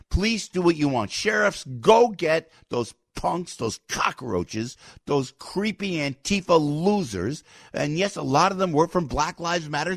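A man's voice: on the high side, vocal fry, fairly bright tone, breathy edge, no room sound, studio quality. A man hosting a talk radio show, ranting in a fired-up, emphatic way.

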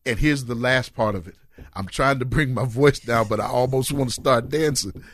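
A male pastor preaching a fervent sermon, sometimes shouting and half-singing his phrases. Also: medium pitch, moderate pace, dry recording, clean studio sound. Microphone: close mic on a cord.

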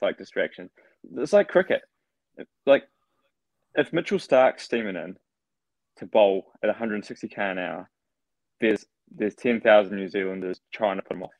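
A man's voice: fairly low pitch, no room sound. A man co-hosting a podcast, ranting in a casual, sweary way. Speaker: podcast co-host. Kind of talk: casual chat. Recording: dull dry sound.

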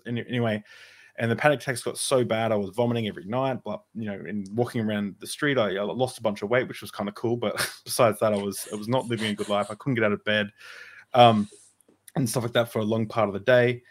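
A man's voice: lowish voice, fairly even intonation, fast. A man telling a personal story in casual conversation, rambling and restarting his sentences, with self-deprecating asides. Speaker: podcast co-host.

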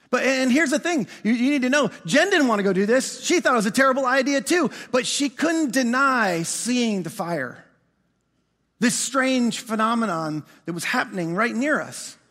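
A man in his forties preaching a storytelling sermon as pastor, acting out the dialogue in an animated way. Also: sits high, in a large hall.

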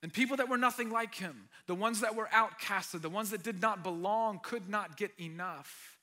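Bright-voiced earnest male pastor preaching. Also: high-pitched, moderate pace. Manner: earnest, swings between loud emphasis and hushed near-whisper. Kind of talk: sermon.

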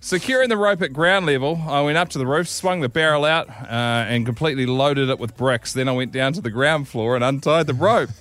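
A man's voice: mid-range voice, a little fast, few pauses, fairly bright tone. A man, a radio host chatting casually and reading a story aloud through fits of laughter. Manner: reads aloud while breaking into laughter.

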